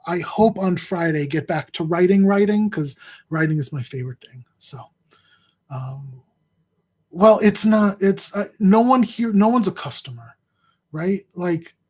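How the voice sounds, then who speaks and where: A man who analyzes fantasy sports, talking straight to his viewers in a rambling, halting way, emotional and in physical pain. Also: a little high, darkish tone. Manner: rambling, halting, repeats words. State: emotional, near tears. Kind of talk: heartfelt casual address to viewers.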